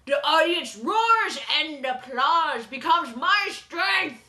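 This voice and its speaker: A woman's voice: high voice, expressive, slow pace, bright, forceful tone, full character voice. A woman voicing a boastful masked wrestler who proclaims himself grandly. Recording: echoey room.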